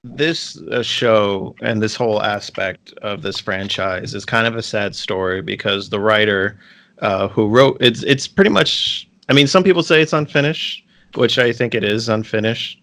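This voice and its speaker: A man co-hosting a podcast, talking casually and haltingly, with frequent ums and restarts. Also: lowish voice, fairly bright tone. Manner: hesitant, lots of ums and restarts. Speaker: podcast co-host. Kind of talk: casual chat.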